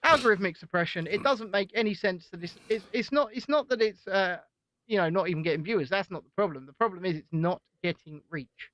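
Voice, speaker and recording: Blunt, swearing male co-host, high and sharp-toned, dry close sound. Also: a little fast, dry recording. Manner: blunt, opinionated, swears freely. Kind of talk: irreverent casual chat.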